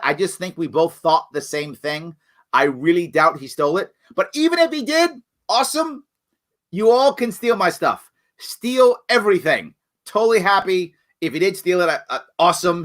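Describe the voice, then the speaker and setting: A man hosting a live political question-and-answer show, reading viewer comments and answering them in an earnest, animated way that swings between loud emphasis and quiet apology. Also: medium pitch.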